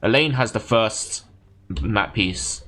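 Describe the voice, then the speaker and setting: A man's voice: on the low side, slow pace, fairly bright tone. A man streaming a game, chatting casually and retelling a story in a rambling, self-correcting way. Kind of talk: casual chat while gaming.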